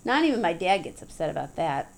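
A woman's voice: fairly low pitch, very animated, quick pace, vocal fry. A woman reading a story aloud in an easygoing, storytelling manner, as audiobook narrator. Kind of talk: scripted narration.

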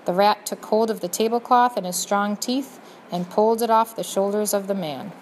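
A woman narrates a storybook aloud, turning now and then to speak straight to the reader. Her voice sits at an ordinary middle pitch, and a faint noise hums under the reading. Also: normal speed, rough recording. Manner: addresses the listener directly, gently expressive. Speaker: audiobook narrator.

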